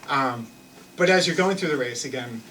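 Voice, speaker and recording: A man's voice: medium pitch, normal speed, a bit bright, distant mic, slight background noise, low-quality recording. Man telling a story on stage, self-mocking. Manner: conversational, self-mocking, many restarts and fillers. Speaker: live storyteller. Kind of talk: personal story told on stage. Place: theater stage with an audience.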